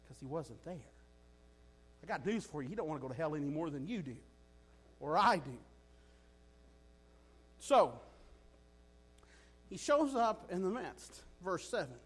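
A man preaching a sermon in a folksy, animated way, often asking his listeners "right?". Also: a little high, measured pace, pauses often, husky.

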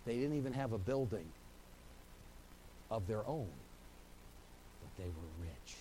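A man preaching a sermon as pastor. He swings from hushed, slow lines to loud, driving buildups and repeats phrases in rising, rhythmic runs. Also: on the low side, expressive, slight background noise, rough recording.

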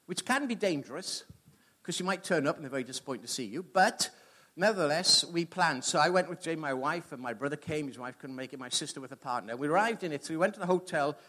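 Animated, lively-voiced male preacher. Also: on the high side, quick pace. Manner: animated, conversational storyteller. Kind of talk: sermon with personal storytelling.

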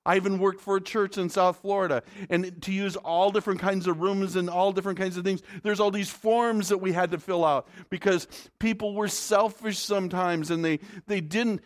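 A man's voice: sits high, fairly even intonation, moderate pace, few pauses. Man preaching a conversational sermon. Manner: conversational preaching with rhetorical questions to the congregation. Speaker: pastor.

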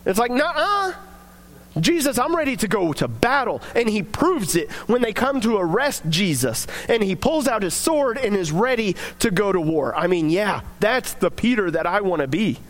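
Very high-voiced young man, chatty devotional talk. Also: lively intonation, moderate pace, few pauses. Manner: chatty, filler-heavy storytelling. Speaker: devotional speaker.

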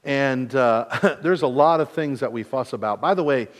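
A pastor in his forties from mid-Michigan preaches a sermon conversationally, using self-deprecating jokes and acting out quotes. He has a medium-pitched voice, speaks at a moderate pace, and sounds like he's in a large hall.

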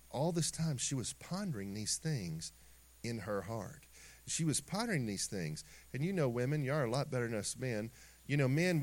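A middle-aged man preaching a sermon in an animated way, acting out little scenes and dropping into quiet asides. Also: mid-range voice. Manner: animated preaching with acted asides and sung snippets. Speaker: pastor.

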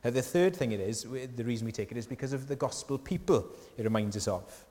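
Male pastor preaching in a church with long hall reverb, conversational and earnest, mid-pitched voice, many rhetorical questions. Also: fast. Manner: earnest and tender, dropping softly at key lines. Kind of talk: sermon.

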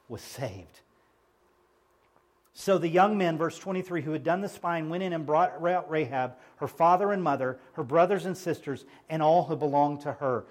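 A middle-aged man preaching a sermon as pastor, emphatic, moving between hushed lines and loud ones. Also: fairly high pitch.

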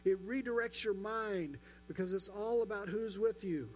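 High-voiced man preaching a sermon. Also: normal speed, soft background music. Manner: rhetorical questions, repetition for emphasis. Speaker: pastor.

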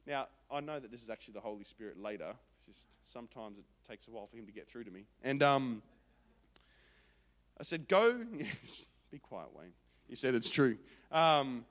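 A man in his thirties preaching a sermon, telling a story animatedly and acting out the voices he quotes. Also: mid-range voice. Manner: animated, acts out quoted voices, rising to loud exclamations. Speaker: pastor.

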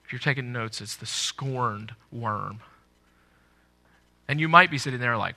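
A man preaching a sermon to a congregation, earnest, swelling loud on scripture quotes and dropping low at the ends of phrases. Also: a little slow, vocal fry, long pauses. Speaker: pastor.

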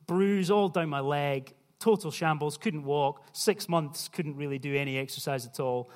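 A man's voice: a little high, a little slow. A young man preaching a sermon in a conversational way, putting questions to the listeners. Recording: long hall reverb.

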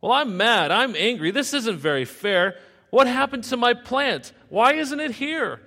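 A man playing a sulky prophet who complains in a high, pinched voice. His lines ring out with the long echo of a large hall. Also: very animated, moderate pace, a bit bright, full character voice. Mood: indignant. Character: whiny, sulking grown man prophet.

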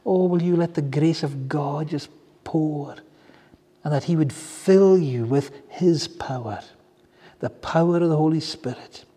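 Earnest preacher in a reverberant hall. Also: male voice, fairly high pitch, measured pace, mellow, slightly rough. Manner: earnest, pleading, with many repeated phrases. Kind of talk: sermon.

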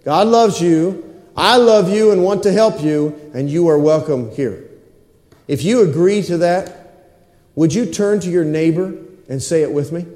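Preaching from a church sanctuary, the pastor repeats his points and invites the congregation to respond. He has a fairly high, slightly mellow male voice with lively intonation and an unhurried delivery, heard through a roomy hall echo with long reverb.

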